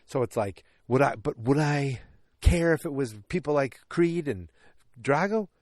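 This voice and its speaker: A man's voice: a little high, expressive, a little slow, darkish tone, no room sound, clean studio sound. A man hosting a casual movie podcast, rambling through the plot with joking asides and frequent self-corrections. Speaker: podcast host.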